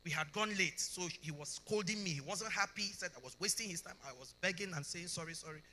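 A woman's voice: lowish voice, quick pace, pushed and bright, slight background noise. A middle-aged woman with a Nigerian accent preaching a testimony at a conference. She tells her story with animation, acts out both sides of the conversations and keeps asking the congregation whether they understand. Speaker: conference speaker. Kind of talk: testimony sermon.

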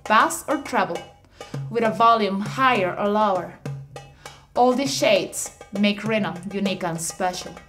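A woman narrating an instructional audiobook, reading definitions in a measured, explanatory way. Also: mid-range voice. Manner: measured, explanatory reading with slightly awkward phrasing.

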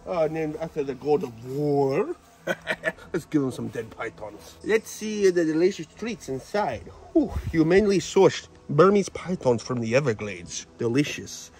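A man's voice: a little high, expressive, a little slow, a little mellow. A man playing a campy fanged male vampire lord with a put-on vampire accent, theatrical and cackling, outdoors on a ranch. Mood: hammy. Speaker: wildlife ranch owner. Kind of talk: comedic in-character vlog.

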